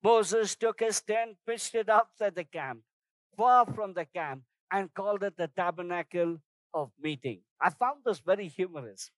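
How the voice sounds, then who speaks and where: A man's voice: high voice, a little slow, no room sound, poor audio. A man preaching a sermon, emphatic and exhorting, driving points home by repeating phrases.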